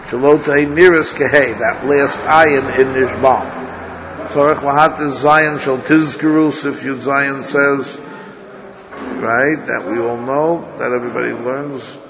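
Guy teaching a text class, gravelly voice, reads quick then explains, muffled recording in a big echoey hall with people around. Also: fairly high pitch. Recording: dull lo-fi sound in a reverberant hall with a crowd.

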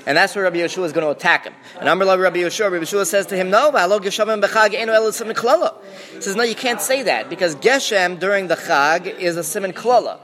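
A man teaches a Talmud class in a lively classroom manner. His voice sits a bit high, and he thinks aloud, stopping and restarting as he works through the text. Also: fast talker. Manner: thinking aloud with restarts and Hebrew-Aramaic terms.

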